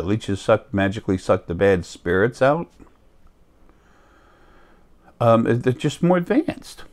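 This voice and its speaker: A man talking in a slow, rambling monologue to his viewers, sick and coughing now and then. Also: on the low side, a little mellow. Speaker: vlogger. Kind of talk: casual monologue.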